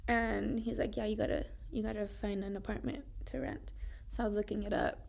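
A woman's voice: mid-range voice, expressive, brisk, creaky, a little mellow. A chatty woman talking casually as a podcast co-host, full of questions. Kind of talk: casual chat.

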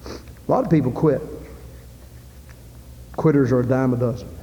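A man preaching a sermon with impassioned delivery, building to loud climaxes. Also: medium pitch, normal speed, lo-fi sound. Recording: echoey hall with faint ambience.

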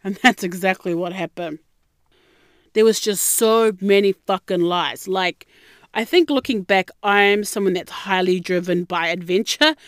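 A woman with an Australian accent, telling a personal story in a blunt, heavily profane and animated way. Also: mid-range voice, a little slow, clear, resonant tone, no room sound, studio quality. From Melbourne, Australia.

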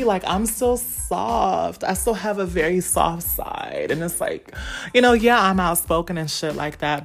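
A young woman hosting a podcast, talking candidly and explicitly in casual slang and speaking straight to her listeners. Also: low-pitched. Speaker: podcast host.

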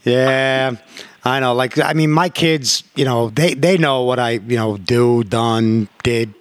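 Halting, swearing podcast host. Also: male voice, medium pitch, fairly even intonation, dry recording. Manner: halting, repeats words, swears freely. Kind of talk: casual chat.

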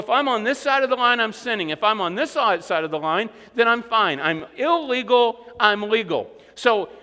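A high, bright-voiced man preaching in a church sanctuary. He speaks earnestly and rises to emphatic peaks. His voice rings out with a long hall reverb. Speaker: pastor. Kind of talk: sermon.

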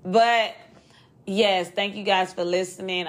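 A woman hosting a true-crime podcast alone, talking casually and quickly in loose slang and swearing freely. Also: fairly low pitch. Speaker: podcast host. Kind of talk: casual solo podcast chat.

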